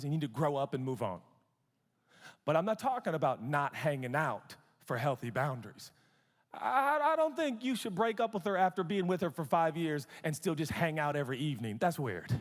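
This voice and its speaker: A man in his forties preaches with animated, conversational humor. His voice sits high for a man. The sound rings out with a long reverb, as in a large church auditorium. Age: 40s. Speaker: pastor. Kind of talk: sermon.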